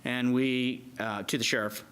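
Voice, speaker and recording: A man serving as mayor and chairing a city council meeting, polite and a little halting as he speaks. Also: mid-range voice, flat delivery, a bit bright, clean tone. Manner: courteous, halting with fillers.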